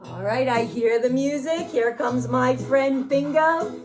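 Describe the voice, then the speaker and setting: A woman librarian leading a children's story time, talking slowly and cheerfully to young children. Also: sits high. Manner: slow, cheerful teacherly talk to young children. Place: library program room. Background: backing music of a children's song.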